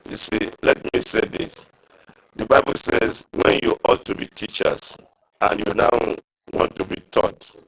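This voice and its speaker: A man's voice: a little slow, a bit bright, poor audio. A man in an online audio meeting making earnest, preachy comments and quoting the Bible. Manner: preachy, repeats "you see". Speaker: meeting participant.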